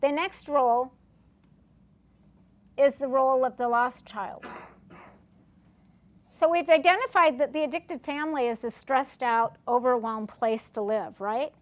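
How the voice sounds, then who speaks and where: A woman's voice: sits high, measured pace, long pauses. A middle-aged woman giving a classroom lecture on family recovery, asking her audience questions and acting out short exchanges. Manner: asks the audience questions, acts out short dialogues.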